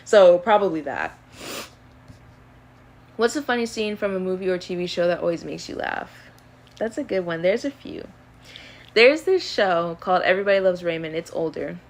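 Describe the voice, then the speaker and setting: A young woman in her early twenties talks in an easygoing, rambling way, filling gaps with "um" and "like" as she answers questions. Her voice sits a little lower than most women's. The delivery stays relaxed and conversational, as on a live stream. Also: normal speed, long pauses. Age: early 20s. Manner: rambling, filler-heavy, easygoing. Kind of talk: casual chat answering questions.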